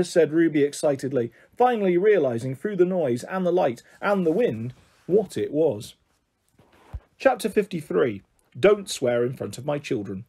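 A man reading a children's book aloud in a steady, expressive way. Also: on the high side, normal speed, vocal fry, breathy edge. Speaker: narrator.

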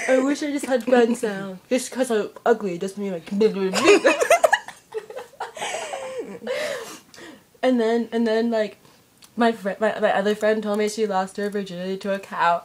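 A woman's voice: medium pitch, expressive, slow, long pauses, slight background noise. A teenage girl making a silly home video, giggling constantly and speaking with mock drama. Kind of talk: goofy joking home video.

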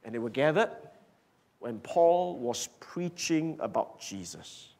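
Animated male pastor preaching. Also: medium pitch, slow, gravelly. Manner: emphatic, swings from loud declarations to hushed whispers. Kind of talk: sermon. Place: church hall.

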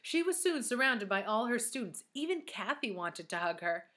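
Bright woman reading a children's book. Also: fairly high pitch, moderate pace. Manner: expressive, speaks to young listeners. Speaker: storyteller.

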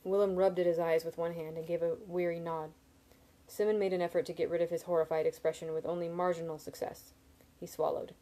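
Brief: woman narrator at home, low-key and mellow, fairly low voice. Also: level tone, fairly quick. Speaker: audiobook reader. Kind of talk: reading a novel aloud.

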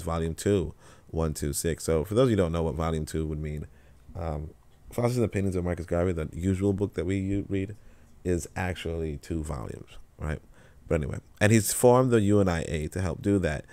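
Low-voiced man hosting a livestream reading. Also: a little mellow, no echo. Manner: reads quotes slowly and deliberately, then chats loosely with fillers. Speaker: livestream host reading and commenting on an essay. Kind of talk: live-streamed reading with casual commentary.

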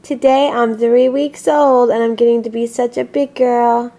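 A woman speaking for her newborn baby girl in a soft, cooing baby-talk voice. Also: a little high, flat delivery, a little slow, natural voice. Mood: content. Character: three-week-old baby girl, content and sleepy.

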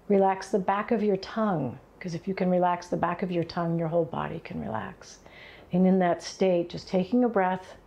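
A woman who teaches yoga and vision, calmly guiding a relaxation in an interview. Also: on the low side, vocal fry. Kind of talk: instructional interview.

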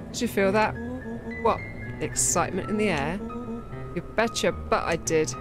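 A woman plays through a story game, reading its lines aloud and joking between them. Her delivery is playful and chatty. Game music plays clearly behind her voice. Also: mid-range voice, moderate pace, pauses often. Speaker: gameplay streamer. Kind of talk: playthrough commentary, reading dialogue aloud.

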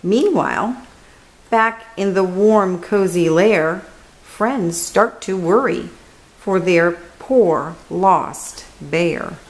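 A woman reading a children's picture book aloud, slow and expressive, dropping to a hush on key words. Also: on the low side, poor audio.

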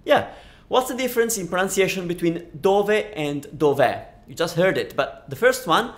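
A man's voice: high voice, animated, moderate pace. A man teaching a language lesson on a live stream, chatting and answering viewers' questions at a studio microphone. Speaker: Italian teacher.

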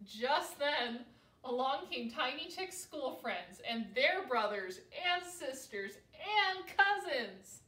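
A woman as a children's librarian, reading picture books aloud for babies in a sing-song, animated way. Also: sits high, takes it slowly. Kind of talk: storytime read-aloud for babies. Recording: roomy, from a distance.

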